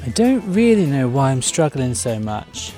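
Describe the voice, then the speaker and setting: A young man hosting a casual home vlog, playful and camp, breaking into sudden squeals of excitement. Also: mid-range voice, moderate pace, over music. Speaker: vlog host.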